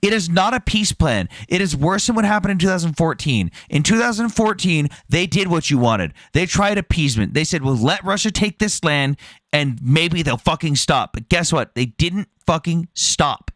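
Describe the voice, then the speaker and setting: A man hosting a live debate, hammering his points in a forceful, profane, rapid-fire way. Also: fairly high pitch, expressive, no room sound, studio quality. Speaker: debate host.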